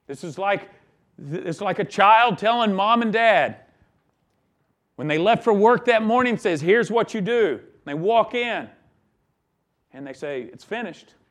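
A man's voice: sits high, expressive, measured pace, pauses often, a bit bright. A man preaching a sermon, emphatic, with his voice rising and dropping in volume. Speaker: pastor.

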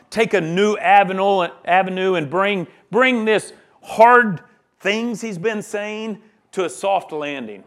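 A man's voice: high voice, a bit bright. A man preaching a sermon in an emphatic, conversational way, often checking in with the listeners. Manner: emphatic, conversational preaching with frequent "right?" asides. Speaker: pastor.

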